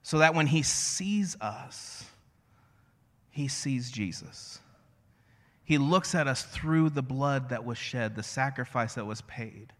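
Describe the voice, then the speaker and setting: A man preaching a sermon as a pastor, conversational and storytelling, slowing to a hush on key phrases. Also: mid-range voice, big-room sound. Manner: conversational, storytelling with self-deprecating asides.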